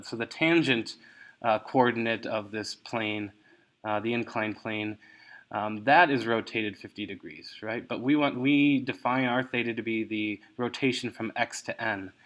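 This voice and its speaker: A man's voice: mid-range voice, fairly bright tone. A man teaching engineering, talking through a worked problem step by step with frequent fillers and self-corrections. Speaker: engineering instructor. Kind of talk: recorded lecture walkthrough.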